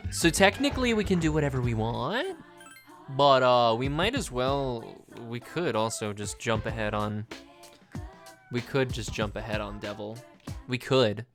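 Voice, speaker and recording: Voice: mid-range voice, a bit bright. A streamer chatting casually through a live game stream, joking and swearing offhand.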